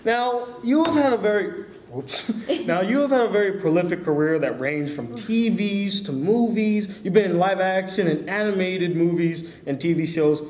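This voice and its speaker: A man's voice: sits high, expressive, normal speed, darkish tone, echoey room, a little hiss or hum. A man hosting his own channel, chatting eagerly with fillers as he runs an amateur interview.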